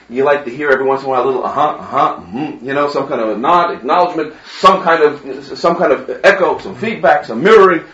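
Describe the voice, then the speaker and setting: A man giving a religious lecture full of anecdotes, animated and often stammering on restarts. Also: fairly high pitch. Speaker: Torah teacher. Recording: roomy, distant, dull lo-fi.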